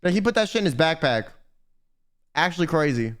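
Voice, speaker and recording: A young man streaming, telling stories in casual, profane, animated chat. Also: a little high, brisk, clean tone.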